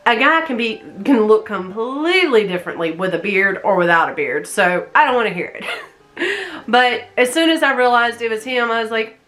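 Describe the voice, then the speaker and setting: Bright, chatty Southern woman. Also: fairly high pitch, normal speed. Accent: light Southern US. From American South. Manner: chatty, animated, laughs often between remarks. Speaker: movie reviewer. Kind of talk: casual spoken movie review.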